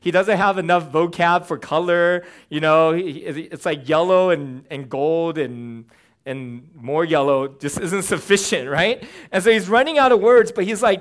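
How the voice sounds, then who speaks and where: A young man giving a casual, conversational sermon, animated and humorous, with fillers. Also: high voice, normal speed. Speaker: preacher.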